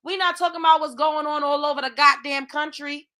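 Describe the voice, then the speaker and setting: Woman host going off on a profane rant, high bright voice. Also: steady tone, fairly quick. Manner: profane, heated, exclamatory. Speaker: show host. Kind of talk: ranting commentary.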